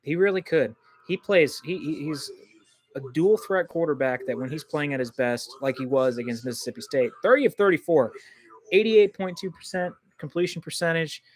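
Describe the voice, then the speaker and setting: Excitable man doing livestream game reactions. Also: on the high side, moderate pace. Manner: excitable, jumps to indignant outbursts at calls; loose and rambling, many ums and restarts. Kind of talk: live football reaction commentary.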